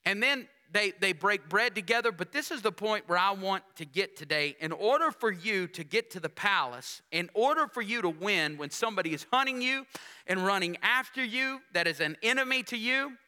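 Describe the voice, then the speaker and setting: Bright-voiced preacher man. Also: sits high, expressive, moderate pace. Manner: call-and-response preaching, rhetorical questions to the congregation; reads scripture aloud with dramatic emphasis. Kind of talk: sermon.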